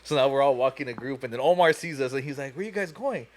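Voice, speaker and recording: A man's voice: mid-range voice, fairly even intonation, rapid-fire. A young man on a podcast telling a long, profane story in a rambling way, full of "you know" and "like.". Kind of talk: casual storytelling chat.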